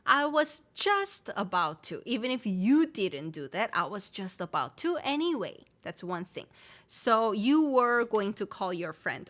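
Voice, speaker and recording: A woman's voice: on the high side, big pitch swings, a little slow, fairly bright tone. Woman teaching live. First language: Korean. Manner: mixes English and Korean, repeats example phrases; reads viewer names and comments aloud. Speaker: Korean language teacher. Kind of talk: live-streamed language lesson.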